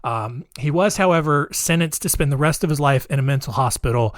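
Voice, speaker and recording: A male podcast host tells a true-crime story in a casual, chatty way, with a wry edge and plenty of fillers. His voice sits a little high for a man. The recording is dry and close-miked, with no room sound. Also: brisk, no room sound. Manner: chatty, wry, laughs at grim details.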